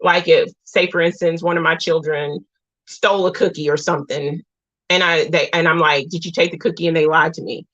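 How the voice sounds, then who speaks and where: A woman's voice: sits low, fairly even intonation, fairly quick, a bit bright, no room sound, muffled recording. A woman in her thirties, a single mom, hosting a casual livestream and talking earnestly to her viewers. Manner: earnest, talks to chat as "y'all". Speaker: livestream host.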